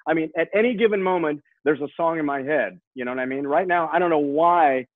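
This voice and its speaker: A man in his sixties, a guest rock musician, telling stories in an excitable way with many repeated words and restarts, heard over a phone line. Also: a little high, fairly quick, no echo. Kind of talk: animated storytelling. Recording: tinny phone line, dry.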